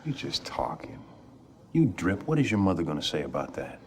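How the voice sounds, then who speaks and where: Casting: a young gentleman caller, very deep voice, polite to elders, blunt with a friend. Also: huge pitch swings, fairly quick, slight background noise, heavily acted. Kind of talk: film drama acting.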